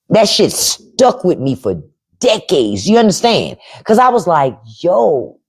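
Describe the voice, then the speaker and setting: A woman's voice: on the low side, sing-song, measured pace, slightly rough. A woman in her fifties hosting a casual livestream, blunt and profane, laughing as she quotes her elders. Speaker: podcast host on a livestream. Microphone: phone or webcam livestream mic.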